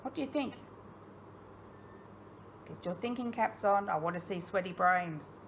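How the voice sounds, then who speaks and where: معلمة أسترالية تتحدث بحيوية مع الأطفال. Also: female voice, medium pitch, measured pace, a little hiss or hum. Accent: Australian. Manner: expressive, questioning, encouraging, speaks directly to pupils. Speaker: primary school teacher. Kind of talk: recorded online lesson for young children.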